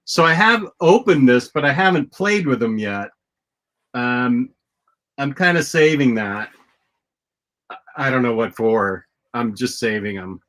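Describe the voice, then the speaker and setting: Male host, casual chatter, bright forceful tone, rambly delivery. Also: mid-range voice, animated, unhurried, long pauses. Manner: rambling, lots of restarts and fillers. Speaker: podcast host. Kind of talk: casual chat.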